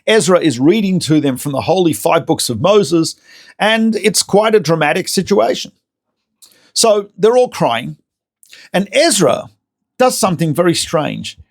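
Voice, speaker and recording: A man, a rabbi, giving a recorded lecture as an animated storyteller who repeats words and corrects himself. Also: sits high.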